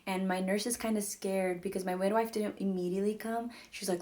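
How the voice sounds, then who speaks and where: Young woman in a flat, rambling vlog chat. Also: medium pitch, fairly quick. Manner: chatty, rambling, heavy use of "like" and "mind you guys". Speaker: vlogger. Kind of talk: casual storytelling to camera.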